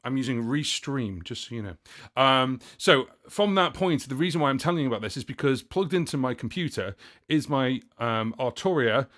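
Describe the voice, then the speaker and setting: Rambling, chatty male livestream host, casual and full of fillers, mid-pitched. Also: lively intonation, normal speed, a bit bright. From United Kingdom. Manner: chatty and rambling, many fillers and self-corrections. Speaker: livestream host and looping musician. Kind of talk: casual livestream chat answering viewer questions.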